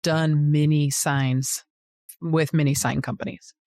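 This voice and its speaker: A woman co-hosting a casual business podcast, setting up scenarios and asking steady questions. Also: sits low, slow pace, no echo, studio quality. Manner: interviewing, steady prompting questions. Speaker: co-host.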